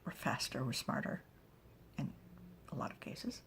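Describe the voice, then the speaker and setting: A woman's voice: unhurried, fairly bright tone, whispered, lightly acted. A woman voicing a playful young daughter of a chief, soon to marry, who teases her father. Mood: teasing. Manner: teasing, lightly cocky.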